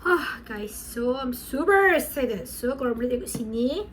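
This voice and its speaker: A woman with a Malaysian accent in a casual unboxing vlog, gushing and excitable as she mixes Malay and English. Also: sits high, moderate pace, a little hiss or hum, poor audio. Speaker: vlogger.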